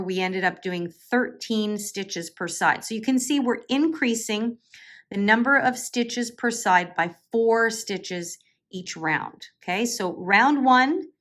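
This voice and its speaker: A woman's voice: fairly high pitch, a bit bright. A woman teaching a step-by-step crochet tutorial, talking patiently and chattily and often checking in with the viewer. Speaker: crochet instructor.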